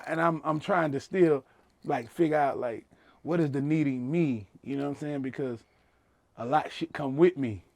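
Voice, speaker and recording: A man's voice: fairly high pitch, moderate pace, vocal fry, a little mellow. A man hosting a casual interview, laid-back and joking crudely. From Louisiana. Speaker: host.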